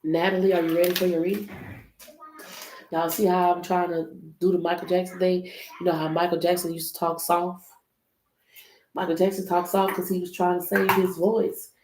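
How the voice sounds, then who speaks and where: A woman's voice: on the low side, little pitch movement, moderate pace, a little mellow. A woman hosting a casual live-stream tarot reading, chatty and loose, talking straight to her viewers and swearing freely. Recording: echoey room with faint noise.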